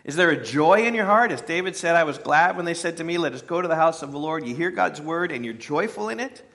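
A man's voice: on the high side, animated, fast, bright, forceful tone. A man, the pastor, preaching a conversational sermon with friendly asides to his congregation.

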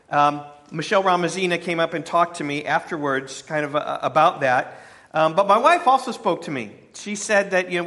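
A man's voice: a little high, sharp tone. A man, the pastor, preaching a conversational sermon with friendly asides to his congregation.

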